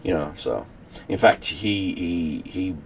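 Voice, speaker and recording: A man's voice: sits low, slow, slight background noise. A man hosting his channel, casually retelling a story he wrote, rambling with many restarts and fillers. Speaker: channel host. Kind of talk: casual story recap to camera.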